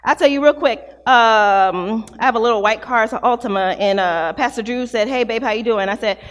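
A woman in her thirties, a pastor, preaching an animated sermon full of acted-out stories. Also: fairly high pitch, a little fast, big-room sound. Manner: animated, storytelling with acted-out quotes.

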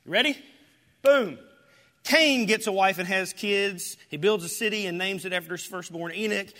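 Impassioned high-voiced male preacher in a hall. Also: moderate pace. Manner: preaching with surges to loud, impassioned declarations and drops to near-whispers. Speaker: pastor. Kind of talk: sermon. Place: church sanctuary. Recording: hall reverb.

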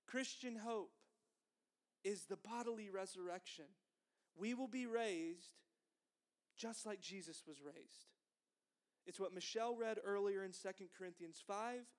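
A man with a fairly high voice preaches a sermon. He talks to the room in a loose, conversational way, then leans hard on key points, dropping the odd dry aside.

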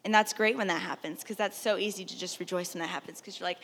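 A woman preaching a sermon in a church hall, talking conversationally, asking rhetorical questions and dropping at times to a soft hush. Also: lowish voice, fairly even intonation, quick pace. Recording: long reverb of a hall.

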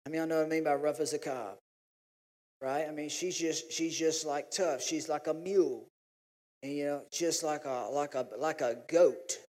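Folksy preacher, high voice. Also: male voice, moderate pace. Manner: folksy, animated storytelling, pitch jumps when acting out his family. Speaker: pastor. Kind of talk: sermon. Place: church sanctuary. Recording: long hall reverb.

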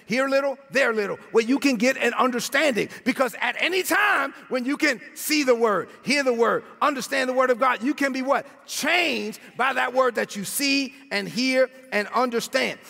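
Male preacher, very high bright husky voice, call-and-response sermon, church sanctuary. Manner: animated, often shouting, prompts congregation to repeat. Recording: long hall reverb with faint music.

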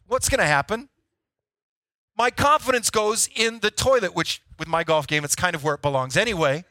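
Bright-voiced man preaching a casual sermon. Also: high voice, lively intonation, normal speed, no room sound. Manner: conversational, self-deprecating storytelling. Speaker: pastor.

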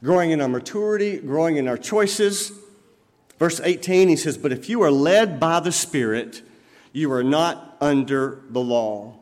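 A man's voice: fairly high pitch, animated, unhurried, a little mellow. A man preaching a sermon as pastor, in a conversational way full of everyday examples. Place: church sanctuary. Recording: long reverb of a church hall.

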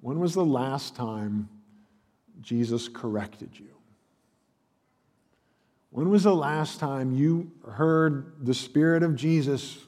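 A man's voice: mid-range voice, slow pace, long pauses, darkish tone. Earnest male preacher in a reverberant hall. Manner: earnest, emphatic, builds with rhetorical questions. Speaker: pastor. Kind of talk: sermon.

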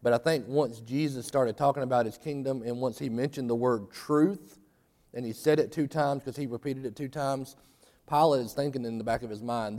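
A man preaching a sermon in a church, talking conversationally and getting animated for emphasis. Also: mid-range voice, normal speed, in a large hall. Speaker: pastor. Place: church sanctuary.

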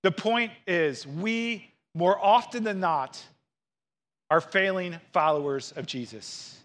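A man in his thirties preaching a sermon, earnest and expressive, acting out quotes along the way. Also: high voice, slow pace. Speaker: pastor.

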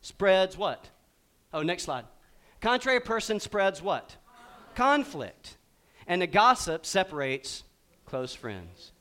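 A middle-aged man preaching a sermon, quizzing his congregation and acting out little scenes with big swings in pitch and volume. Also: takes it slowly, long pauses. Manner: animated, asks the congregation questions. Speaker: pastor.

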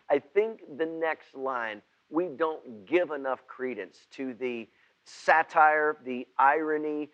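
Slow, halting male preacher. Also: medium pitch, dull audio. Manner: halting, repeats words, loud when quoting prayers. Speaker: pastor. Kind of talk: sermon.

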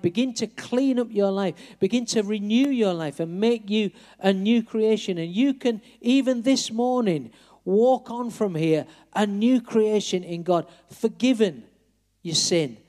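Guy preaching, fairly high voice, earnest, talks right at you. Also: a little mellow. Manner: earnest, direct appeals to the listener. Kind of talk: evangelistic sermon.

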